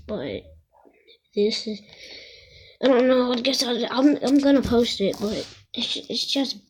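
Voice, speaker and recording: A woman talking casually at home for a reaction video, halting and repeating words as she goes. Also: on the high side, husky.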